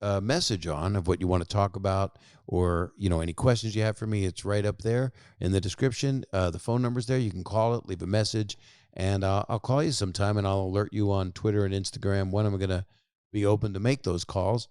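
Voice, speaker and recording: A man's voice: fairly low pitch, fairly even intonation, fairly quick, darkish tone, clean tone, no echo, clean studio sound. A man in his sixties, a podcast host chatting with callers and telling stories in a rambling, jokey, self-interrupting way. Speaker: podcast host calling listeners. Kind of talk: casual phone chat and rambling monologue.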